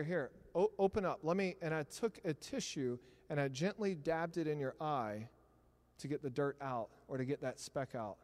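A middle-aged man preaching a sermon in a church, talking conversationally with animated asides. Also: sits high. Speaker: pastor. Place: church sanctuary. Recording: long hall reverb.

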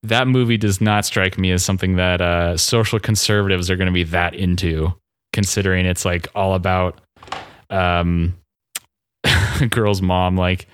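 A man co-hosting a podcast in casual chat, wry and quick to laugh. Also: low-pitched, steady tone, clear, resonant tone, no echo. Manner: chatty, laughs often, wry asides. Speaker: podcast co-host.

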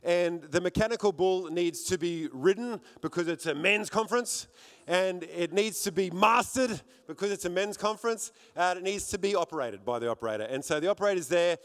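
A high-voiced male pastor preaching with fervour to a congregation. He often repeats words as he builds toward a point. His voice carries a long reverb from the church hall. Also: fairly quick, a bit bright. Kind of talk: sermon.

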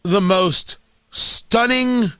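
A man hosting a talk show, delivering an animated, sarcastic political rant. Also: sits high, drawn-out words, clean tone, dry recording, studio quality. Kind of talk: opinionated political monologue.

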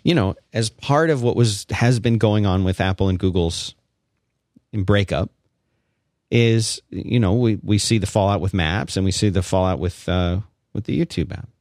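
Low-voiced man co-hosting a podcast. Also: normal speed, darkish tone, no room sound, studio quality. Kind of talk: casual tech podcast chat.

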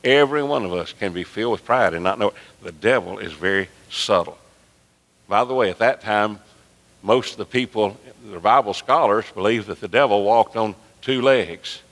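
A pastor preaching with fervor, his bright, forceful voice swelling toward near-shouts. He is recorded in a church sanctuary whose long reverb trails each phrase. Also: on the low side, normal speed. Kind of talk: sermon.

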